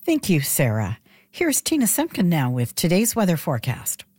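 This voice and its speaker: A woman hosting a live morning radio show, chatty and excited. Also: on the low side, moderate pace, slightly rough, dry recording, studio quality.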